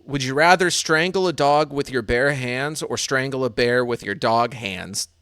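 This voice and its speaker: Young dude cohost, deadpan dry delivery, middle pitch, asks would you rather stuff. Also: male voice, moderate pace, clear, resonant tone. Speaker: podcast co-host. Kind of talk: casual chat.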